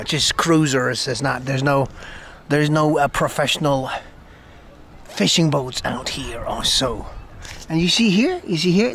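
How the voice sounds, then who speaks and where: A Swiss man with a fairly high voice who talks slowly through a casual travel vlog. He rambles and muses as he walks, with faint outdoor noise behind him. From Switzerland. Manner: relaxed, musing, drops to a whisper now and then. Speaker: travel vlogger. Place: outdoors by a lake and inside an old church.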